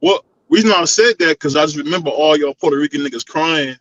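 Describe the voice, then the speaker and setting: A man's voice: on the high side, a little fast, fairly bright tone, no echo, dull audio. A man calling in to a boxing talk show, teasing and playful in casual chat.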